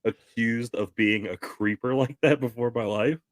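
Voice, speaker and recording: A man's voice: normal speed, no echo, clean studio sound. A young man co-hosting a podcast, telling a story animatedly in casual chat. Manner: animated, jumps into shrill voices for quoted people. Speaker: podcast co-host.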